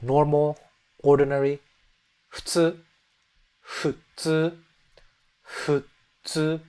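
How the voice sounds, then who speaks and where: Relaxed man teaching pronunciation. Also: on the high side. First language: English. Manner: relaxed, demonstrates words slowly with repetition. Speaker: language teacher. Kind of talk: casual spoken lesson. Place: Fukuoka, Japan.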